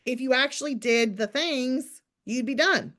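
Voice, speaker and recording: A woman's voice: high voice, unhurried, fairly bright tone. Chatty motivational woman on a video call. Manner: chatty, direct, coaching with asides to listeners. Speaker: team leader hosting a morning business call. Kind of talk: casual motivational talk.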